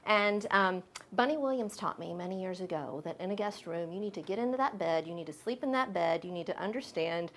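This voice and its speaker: A woman's voice: fairly low pitch, animated, brisk, hardly any pauses. A middle-aged woman, chatting casually while she shows guests around her home, with lots of fillers. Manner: chatty and friendly, with frequent fillers. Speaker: homeowner giving a home tour. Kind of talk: casual home tour chat.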